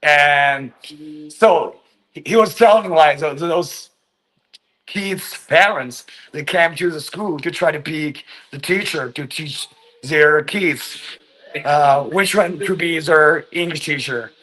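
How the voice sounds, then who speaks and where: A Chinese man speaks English as a second language in a casual vlog, rambling slowly with lots of fillers and frequent swearing. His voice is on the high side with a sharp tone, and the recording is rough.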